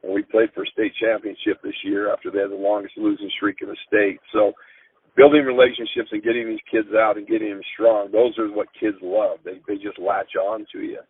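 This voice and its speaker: A middle-aged man, a football coach, telling an emotional story in an interview, earnest and halting with frequent restarts. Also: on the low side, level tone, husky. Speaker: high school football coach. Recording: tinny phone-line sound.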